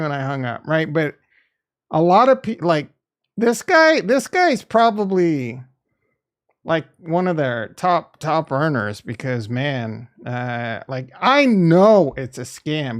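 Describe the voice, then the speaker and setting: A man's voice: a little high, big pitch swings, unhurried, clean tone. A man hosting a crypto investing channel, talking in a candid, rambling way that is casual and peppered with swearing.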